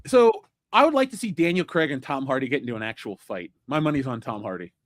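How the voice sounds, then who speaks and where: A man's voice: medium pitch, animated, fast, dry recording. A man hosting a pop culture podcast, blunt and opinionated, cursing freely in casual chat. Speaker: podcast host.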